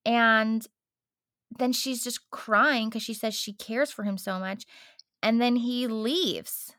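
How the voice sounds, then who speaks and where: A woman co-hosting a casual chat, animated and exasperated, laughing often as she recaps a show. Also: on the high side, slow, dry recording, clean studio sound. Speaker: podcast co-host.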